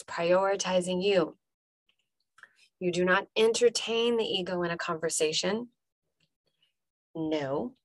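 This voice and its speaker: A woman's voice: lowish voice, no room sound. Emphatic woman life coach, dry close sound. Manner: emphatic, repeats punchy phrases, talks straight to the listener. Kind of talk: motivational podcast monologue.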